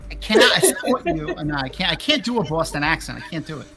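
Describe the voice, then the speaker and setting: A man's voice: fairly high pitch, sing-song, fast, bright, forceful tone, faint music behind. A man bantering and joking in a casual podcast chat.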